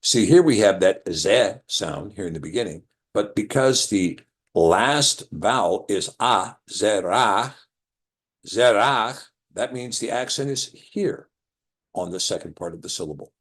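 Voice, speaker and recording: Husky-voiced man teaching Hebrew words. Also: lowish voice, expressive. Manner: explains slowly and repeats key words. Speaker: Bible teacher. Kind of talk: scripture lesson with a drawing board.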